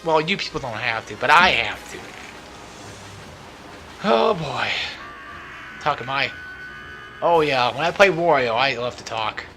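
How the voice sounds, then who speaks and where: A man's voice: mid-range voice, expressive, unhurried, long pauses, sharp tone. A young man rambling through casual gameplay commentary as a let's play host, talkative and self-mocking. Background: faint game music.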